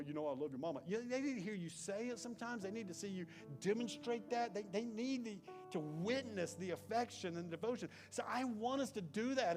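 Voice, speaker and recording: A man preaching a conversational sermon in a church, dropping to hushed tones and rising to loud emphasis. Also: high-pitched. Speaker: pastor. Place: church sanctuary.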